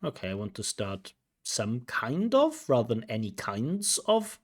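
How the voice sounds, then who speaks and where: A man teaching as an examiner, breaking down a recorded speaking test with analytical commentary and lively intonation. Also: mid-range voice, a little slow.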